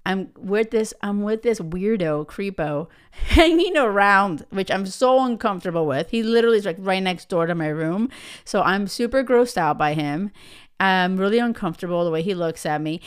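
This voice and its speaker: Here a podcast host, a woman in her thirties from the US, speaks expressively at medium pitch and normal speed, her tone clear and resonant. She tells a personal anecdote in a chatty way, filled with "right?" and "you know."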